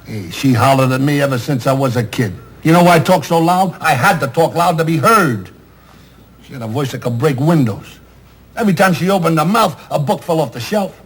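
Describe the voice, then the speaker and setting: A loud, bitter wisecracking agent. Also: male voice, a little high, expressive, a little fast, slightly rough. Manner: loud, sardonic, self-pitying. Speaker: theatrical agent. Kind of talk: 1970s television drama acting.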